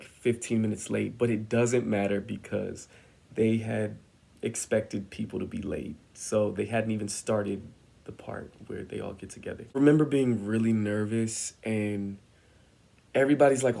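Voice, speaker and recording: A man's voice: on the low side, creaky, mellow. A young man telling a personal story in a vlog, acting out the voices of the people he quotes with lots of energy. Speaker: vlogger.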